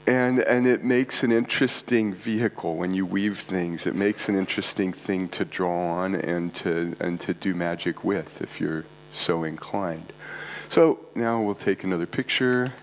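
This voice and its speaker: Unhurried and low in pitch, a congested man rambles through a casual conference talk in an art club event space before a live audience. His offhand asides are digressive and self-deprecating, and the low-quality recording carries a faint mains hum.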